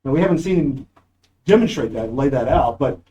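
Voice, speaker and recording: Animated and fairly quick, the lecturer speaks at medium pitch with a dark tone, giving an emphatic, wandering university philosophy talk and reading quoted passages aloud. With no mic in the classroom, the dull audio got cleaned up afterward.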